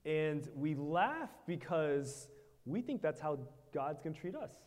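A man preaching a sermon in short phrases, pausing so an interpreter can follow. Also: fairly high pitch, very animated, a little mellow. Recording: hall reverb.

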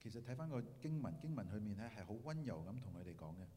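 Man, Cantonese interpreter, rapid, halting with fillers, low mellow voice. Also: sing-song. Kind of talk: live sermon interpretation. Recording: hall reverb.

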